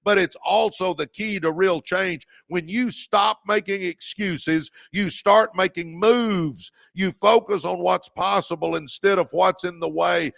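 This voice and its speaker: A man's voice: high voice, gravelly, fairly bright tone, no echo, studio quality. A middle-aged man hosting a motivational livestream, fired up, repeating key lines and thanking viewers by name. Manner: calls viewers "baby". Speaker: podcast host.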